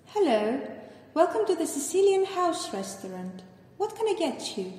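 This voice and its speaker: A woman's voice: very high voice, big pitch swings, normal speed, dark tone. A woman playing polite staff in scripted listening test dialogues, carefully enunciated. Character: polite adult woman serving customers. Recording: echoey room with long reverb.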